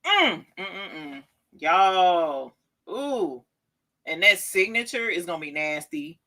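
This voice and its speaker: An excitable woman in her forties hosts a casual live craft stream and chats straight to her viewers. Her voice is bright and forceful, and it leaps around a wide pitch range whenever she gets excited. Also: takes it slowly. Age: 40s. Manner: gushing, excitable exclaiming; talks straight to viewers as "y'all". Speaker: craft show host.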